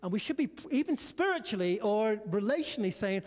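A male pastor preaching in an animated storytelling style, often calling out to his congregation. His voice sits high for a man. The sound rings with the long reverb of a church hall. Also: a little fast. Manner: storytelling, animated preaching with "come on" and "amen" calls. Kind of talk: sermon.

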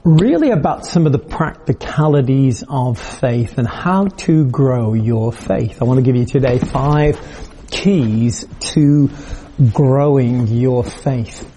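A man's voice: medium pitch, warm tone, a little hiss or hum. A man preaching a video sermon in a conversational, storytelling way, acting out quoted voices.

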